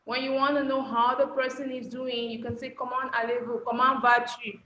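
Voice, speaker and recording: A woman leads an online class in a high, sharp-toned voice, slowing down patiently to model each phrase. Her call audio is dull and lo-fi, with a roomy echo and a faint hiss behind it. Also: little pitch movement. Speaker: language teacher. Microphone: video call.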